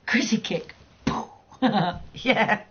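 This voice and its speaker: A woman's voice: mid-range voice, very slow, a bit bright, husky, highs cut off. A woman livestreaming a game, chatting casually with viewers in a blunt, teasing way, swearing freely and laughing often. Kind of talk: casual chat while gaming.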